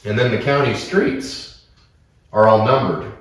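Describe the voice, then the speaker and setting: A man from Oklahoma, co-hosting a podcast and telling a story in a casual, animated, profane way. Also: mid-range voice, a little slow. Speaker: podcast co-host. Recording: echoey room, mic at a distance.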